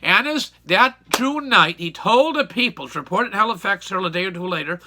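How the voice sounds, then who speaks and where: A man's voice: high voice, animated, brisk, noisy background. An older man telling a rambling, opinionated recollection in a folksy, casual way, repeating points for emphasis. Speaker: YouTube storyteller.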